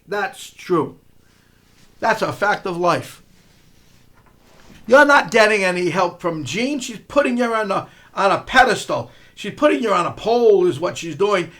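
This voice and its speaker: High-voiced man in a scolding rant. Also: fairly bright tone. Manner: confrontational, scolding, speaking directly to someone; sarcastic, mocking. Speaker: online commentator. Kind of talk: direct-address monologue.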